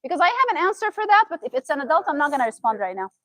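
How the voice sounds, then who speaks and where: A woman's voice: sits high, sing-song, rapid-fire, fairly bright tone, dry recording, poor audio. A woman from Syria with a Syrian Arabic accent, a therapist giving a chatty talk and often asking the audience questions. Arabic is her first language. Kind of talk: interactive motivational talk.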